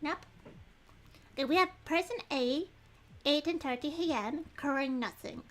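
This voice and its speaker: Chatty high-voiced woman streaming a game. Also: moderate pace. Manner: chatty, rambling, apologetic, excitable. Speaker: streamer playing a detective game. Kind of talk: casual livestream chat.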